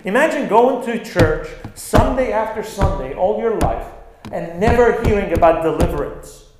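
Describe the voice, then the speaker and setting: A male pastor preaching an animated sermon, stressing lines and acting out quoted words. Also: high voice, moderate pace, very noisy. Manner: animated, acts out quotes with bursts of emphasis. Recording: very echoey room.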